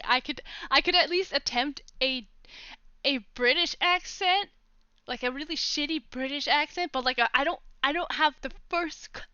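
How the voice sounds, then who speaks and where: High bright excitable woman streamer. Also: no room sound. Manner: excitable, swears, laughs easily. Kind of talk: casual game playthrough chat. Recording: slightly muffled stream audio.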